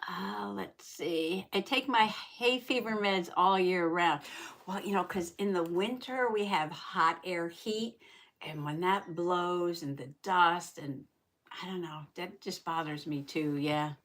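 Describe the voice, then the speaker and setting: Chatty woman livestreaming crafts, laughs a lot, repeats stuff, says howdy to chat, bit of allergy throat clearing. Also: fairly low pitch, takes it slowly, fairly bright tone. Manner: says howdy and reads chat comments aloud.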